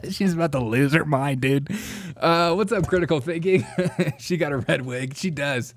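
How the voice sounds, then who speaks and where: A man from Georgia hosts a reaction commentary, mocking and laughing at news clips. His voice swings widely in pitch, and he keeps talking while out walking a mile. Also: huge pitch swings, takes it slowly, pauses often. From Georgia, USA. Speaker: host.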